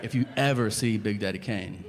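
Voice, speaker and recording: A man's voice: lowish voice, brisk, long reverb tail, very noisy. A male stand-up comedian on stage with a handheld mic, telling a profane story and acting out the dialogue. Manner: animated, profane, acts out dialogue.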